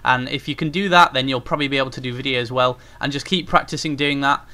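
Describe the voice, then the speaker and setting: Bright, forceful, and fast, a young man's medium-pitched voice stays steady as he gives his YouTube viewers rambling, casual tips on gaming commentary. Fillers crop up constantly in this spoken tutorial.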